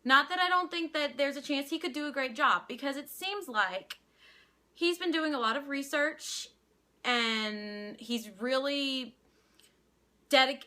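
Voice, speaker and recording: Young woman w a light louisiana accent talking casually to camera, keeps restarting, crisp bright voice. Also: sits high. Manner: hesitant, many restarts. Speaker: vlogger. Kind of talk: casual opinion vlog.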